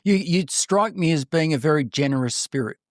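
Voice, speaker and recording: A man's voice: on the high side, animated, brisk, no echo, clean studio sound. A man hosting a podcast interview, asking questions hesitantly with frequent restarts. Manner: hesitant, soft-spoken, many restarts and murmured agreement. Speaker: podcast host. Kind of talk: casual interview chat.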